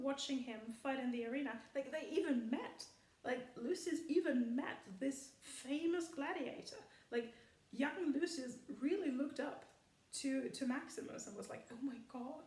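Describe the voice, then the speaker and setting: A woman's voice: sits high, a little mellow, far from the mic. A woman in casual spoken commentary who rambles with lots of fillers and laughs often. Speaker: film commentary vlogger. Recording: echoey room, voice off-mic.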